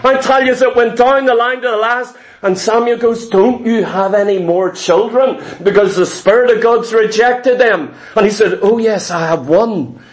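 A man's voice: high voice, moderate pace, few pauses. A man preaching a sermon to a congregation, with an emphatic, repetitive cadence.

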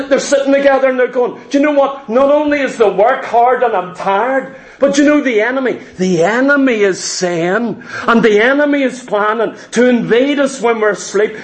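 A man's voice: extremely high pitch, moderate pace, hardly any pauses. A man preaching a sermon, emphatic and repetitive, acting out voices of his congregation. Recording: echoey church hall.

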